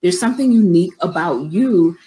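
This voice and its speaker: Conversational woman coach, lower voice. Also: expressive, brisk, mellow, low-quality recording. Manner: conversational, addresses viewers directly. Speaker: business coach. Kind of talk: live-stream coaching talk.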